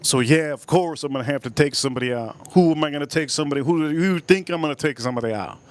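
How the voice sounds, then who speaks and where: Racing along in a fairly high voice, a man hosting a laid-back livestream tells a crude, rambling story. He repeats himself for effect again and again.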